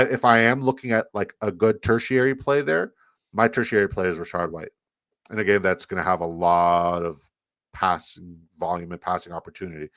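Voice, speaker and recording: A man hosting a live fantasy football draft stream, talking fast in joking, profane banter. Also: low voice, a bit bright, dry recording.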